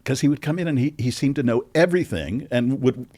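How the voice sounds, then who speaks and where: A man's voice: mid-range voice, brisk, a little mellow. A man from Chicago hosting a podcast, asking questions and chatting casually with his guest. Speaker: podcast host. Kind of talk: casual interview chat.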